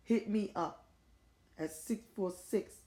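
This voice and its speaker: This middle-aged American woman has a mid-range, warm voice and speaks slowly. Distressed, she makes an urgent, repetitive appeal straight to camera as a grieving mother, and the room gives a noticeable echo.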